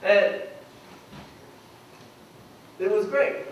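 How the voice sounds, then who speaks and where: A man preaching with a fairly high voice, retelling scripture in a lively, theatrical way. He is picked up from a distance, so his words ring through a very reverberant church hall. A faint hum sits underneath. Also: drawn-out words, highs cut off. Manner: animated storyteller, acts out biblical dialogue. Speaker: pastor. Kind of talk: sermon. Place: church sanctuary. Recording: very echoey church hall from far off.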